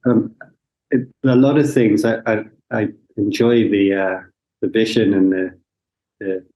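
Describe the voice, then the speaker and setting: A man's voice: fairly low pitch, fairly even intonation, a little slow, dull audio. A man who is a coach, a guest on a podcast, speaking reflectively and hesitantly, searching for his words. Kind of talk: reflective conversation.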